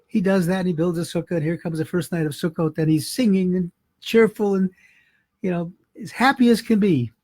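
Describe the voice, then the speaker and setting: A man's voice: sits high, fairly quick, a little mellow, no echo. A man, a rabbi, telling a holiday story in a folksy, conversational sermon.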